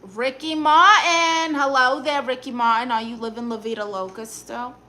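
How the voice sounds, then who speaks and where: Pitched on the high side with fairly even intonation, this woman's pushed, bright voice has a Brooklyn accent and a little background noise behind it. She's playing a blunt aunt on a live stream, sassily reading viewer comments, giving dating advice, and tossing off quick comebacks.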